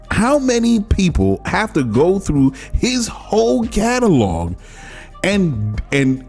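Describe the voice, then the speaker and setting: Animated man hosting a podcast. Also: medium pitch. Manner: animated, laughing, mock voices of others. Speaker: podcast host. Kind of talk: casual monologue. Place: home.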